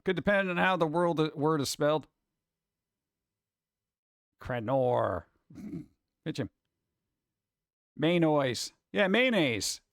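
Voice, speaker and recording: A man's voice: on the high side, expressive, slow, vocal fry, pauses often, dry recording, clean studio sound. A man hosting a live stream, chatting casually and reading chat aloud in a rambling, jokey way with muttered asides.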